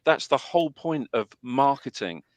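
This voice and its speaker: A man's voice: mid-range voice, lively intonation, normal speed, no echo. A man talking films in a casual review chat, emphatic and repeating phrases to drive a point home.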